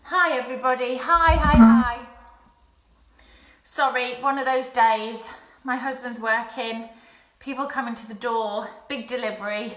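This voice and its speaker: A woman's voice: fairly high pitch, steady tone, moderate pace, a bit bright, echoey room, poor audio. A young woman presenting a live craft session for children from her home, chatty and apologetic. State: out of breath. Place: home, indoors. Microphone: phone or webcam livestream.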